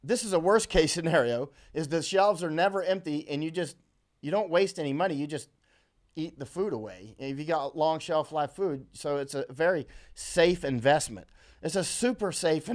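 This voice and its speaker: A man's voice: a little high, lively intonation, normal speed. An American man hosting a live stream, chatting casually and rambling with many fillers and restarts as he reads viewer comments aloud. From USA.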